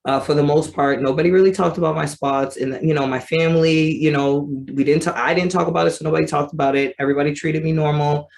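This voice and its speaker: A woman in her thirties telling her personal story as an advocate, conversational and animated, acting out her remembered thoughts. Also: low voice, fast, vocal fry, hardly any pauses. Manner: conversational with frequent fillers. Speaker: vitiligo advocate.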